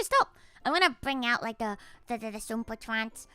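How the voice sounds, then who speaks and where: A woman's voice: fairly high pitch, expressive, moderate pace, sharp tone, clear, resonant tone, no echo, soft background music. A young woman who is a virtual idol, chatting casually with viewers on a livestream in a playful, teasing, mock-grumpy way and dropping in Japanese phrases.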